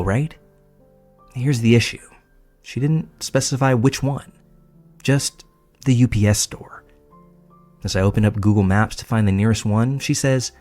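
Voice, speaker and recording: A man's voice: mid-range voice, a little mellow. Man narrating a horror story. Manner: measured storytelling, casual profanity. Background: faint music.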